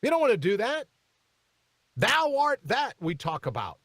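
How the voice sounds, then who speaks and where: A man's voice: very high voice, huge pitch swings, measured pace, fairly bright tone, dry recording. A man hosting a talk radio show, giving emphatic commentary and turning often to his co-host. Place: radio studio.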